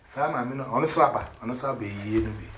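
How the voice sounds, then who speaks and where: A man rambling excitedly in casual chat, switching between pidgin English and Twi. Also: mid-range voice, rapid-fire. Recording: echoey room with loud background noise.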